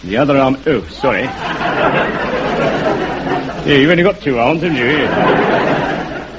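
An actor playing a chatty, teasing tailor in a 1950s radio comedy. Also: male voice, medium pitch, expressive, measured pace, over a noisy crowd, natural voice. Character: chirpy London tailor, grown man. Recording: hissy, muffled old radio recording.

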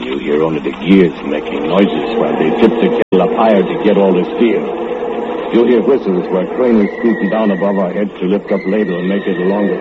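An actor playing a drunken, murderous foundry laborer who speaks in broken English and gloats with low chuckles, in an old-time radio drama. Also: male voice, heavy background noise, lightly acted. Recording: muffled old radio recording with music.

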